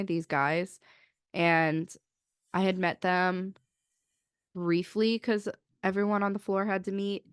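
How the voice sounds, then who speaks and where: A woman's voice: fairly low pitch, clear, resonant tone, no echo, clean studio sound. A young woman in her twenties co-hosting a podcast, telling a personal story in a chatty way, full of "like" and acted-out quotes. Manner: chatty, many "like" fillers, acts out quotes. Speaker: podcast co-host. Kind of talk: casual storytelling chat.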